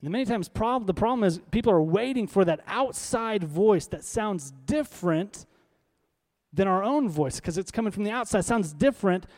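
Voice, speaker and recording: Male pastor, slightly high-pitched voice, conversational emphatic sermon delivery. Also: lively intonation, normal speed, a little mellow. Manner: conversational, emphatic preaching with rhetorical questions.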